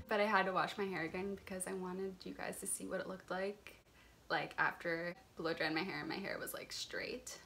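A chatty young woman, a beauty vlogger, rambles through a casual hair tutorial packed with filler words, filmed on her phone camera in a warm room at home. Her mid-range voice is a little bright, with a steady tone and moderate pace. Soft music plays in the background.

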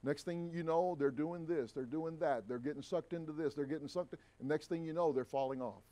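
A man preaching a sermon, swinging from emphatic rises to quiet asides. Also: on the high side, brisk. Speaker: pastor. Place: church sanctuary.

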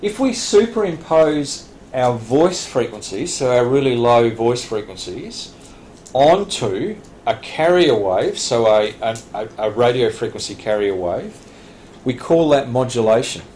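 Speaking at a measured pace, the Australian instructor has a mid-range, darkish voice with a sing-song lilt. He lectures a radio licence class in a training room, keeping it plain but restarting often and laughing softly. There's noticeable echo and a faint background hiss.

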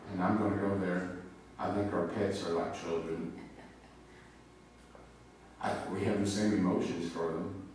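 Low-voiced male pastor in echoey hall. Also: a little mellow. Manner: conversational storytelling with personal anecdotes. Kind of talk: sermon. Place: church sanctuary. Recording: very echoey hall, mic far off, faint noise.

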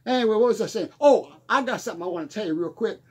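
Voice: medium pitch, animated, very fast, darkish tone, breathy edge. A performer playing a forgetful, rambling country musician in an improvised comedy monologue, losing the thread and laughing at his own jokes. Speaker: comedy character.

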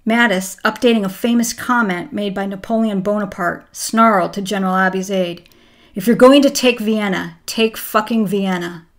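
A woman giving scripted documentary narration in a measured, even reading voice. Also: medium pitch.

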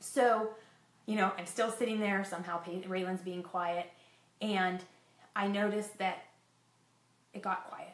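A woman tells her own story straight to camera, frank and self-deprecating. Her voice sits at an ordinary middle pitch. The room around her rings with noticeable echo. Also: fairly even intonation, a little slow, pauses often. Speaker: fitness vlogger sharing a personal story. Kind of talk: candid personal storytelling.

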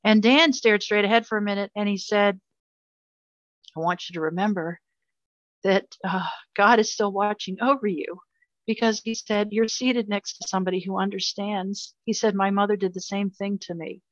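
A woman's voice: mid-range voice, fairly even intonation, moderate pace, no echo, highs cut off. An older woman telling a painful personal story in an interview, earnest and emotional, often repeating herself. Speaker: guest.

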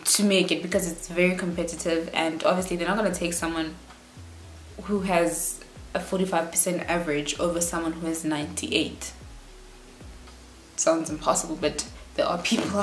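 A young South African woman vlogging life advice in a quick, lively, chatty rush. Her voice sits a little low. The room around her gives a noticeable echo. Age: 20s. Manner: fast, chatty, animated. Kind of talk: casual advice vlog. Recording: roomy echo.

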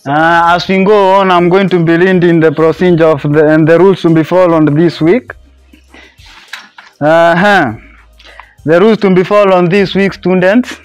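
A man's voice: high-pitched, steady tone, normal speed, smooth, no echo, faint music behind. Bossy man as a strict teacher. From Kenya. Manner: bossy, repeats commands. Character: strict male schoolteacher. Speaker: comedian playing a teacher. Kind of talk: comedy skit.

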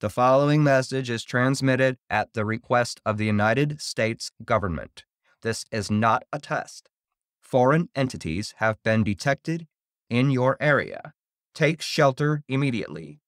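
A man's voice: medium pitch, expressive, measured pace, no echo, studio quality, natural voice. A man voicing a robotic emergency broadcast alert, giving stern, clipped orders. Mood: commanding.

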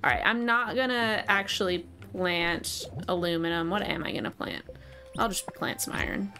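A woman's voice: on the low side, normal speed, pushed and bright. Chatty woman streaming a game. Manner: reads chat aloud, laughs often, chatty and candid. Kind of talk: casual live-stream chat while gaming. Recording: game music behind voice. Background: game music.

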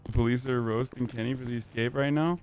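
A man's voice: medium pitch, fairly even intonation, fast talker, darkish tone, soft background music. A man streaming a roleplay game, talking in character in a hesitant, stammering way with plenty of swearing, into a desk microphone.

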